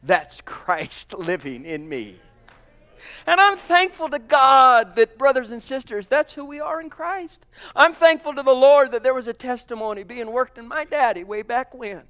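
A man preaching a sermon, fervent, swinging between loud exclamations and hushed asides. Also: very high voice, lively intonation, normal speed.

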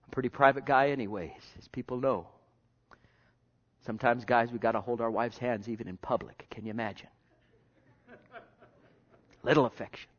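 A male pastor preaching a sermon in a conversational way, repeating himself and jumping from hushed asides to loud bursts. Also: medium pitch, steady tone, normal speed, pauses often. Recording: dull lo-fi sermon recording.

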